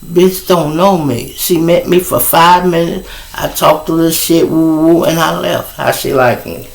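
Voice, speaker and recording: A middle-aged man with a Chicago accent, hosting his show and telling a profane, animated story in a casual way. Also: fairly high pitch, measured pace, creaky. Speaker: show host. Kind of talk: storytelling on a livestream.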